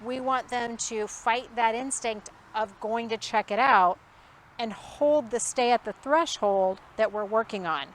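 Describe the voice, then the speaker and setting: A woman dog trainer teaching outdoors. She explains the training in a calm, quiet, measured way. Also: a little high. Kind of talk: instructional dog training demonstration. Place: outdoors in a backyard. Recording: outdoor recording with faint background noise.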